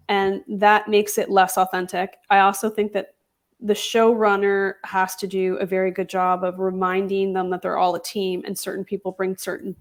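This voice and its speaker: A woman guest in an interview, articulate and assured, explaining her views at length. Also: medium pitch. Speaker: podcast host guest. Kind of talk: interview answers.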